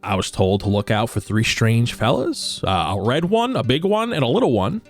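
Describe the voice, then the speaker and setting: A man's voice: medium pitch, expressive, moderate pace, faint music behind, lightly acted. A man voicing a cocky male halfling rogue who talks in a boastful, sly way.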